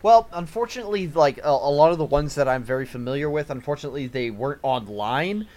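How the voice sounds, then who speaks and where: A man's voice: fairly high pitch, lively intonation, fast talker, a little mellow. A man in a casual chat over a call, joking around and hesitating as he thinks.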